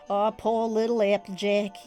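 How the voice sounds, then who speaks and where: A woman's voice: medium pitch, darkish tone. A woman streaming a game, chatting casually with a stuffy nose, giggling and rambling through stories. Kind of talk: casual live-stream chat.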